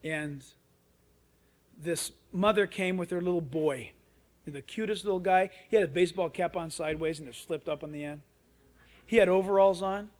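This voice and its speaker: A male pastor preaching a radio sermon, animated and storytelling, acting out the people in his story. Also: high voice, normal speed. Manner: animated storytelling, acts out other people's voices.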